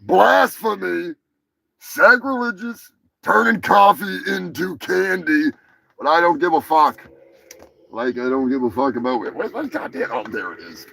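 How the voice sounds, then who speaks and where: A rowdy man hosting a live stream, rambling through crude jokes and swearing freely. His voice is gravelly and a little raised, and it swings wildly up and down, jumping into sudden shouts. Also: a little high, expressive, normal speed, no echo. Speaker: show host. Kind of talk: profane casual live-stream rant.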